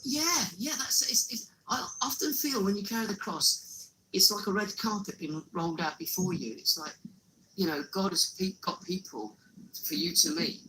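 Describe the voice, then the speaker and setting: A man's voice: sits high, moderate pace, pushed and bright, a little hiss or hum, rough recording. A man, a street evangelist who walks carrying a cross, telling his story earnestly in a casual interview and often repeating words.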